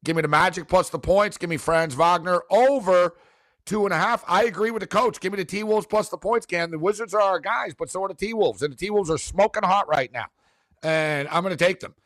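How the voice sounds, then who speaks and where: A man hosts a casual sports betting talk, rambling through his picks with plenty of fillers and restarts. His voice sits a bit high for a man. The recording is dry and close. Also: a little fast, fairly bright tone, dry recording. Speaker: sports betting show host.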